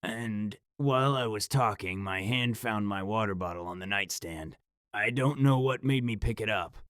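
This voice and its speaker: A man with a low voice reads a scripted first-person horror story. His delivery is dramatic and measured, and the recording is dry and close, with no room sound. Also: a bit bright, no echo.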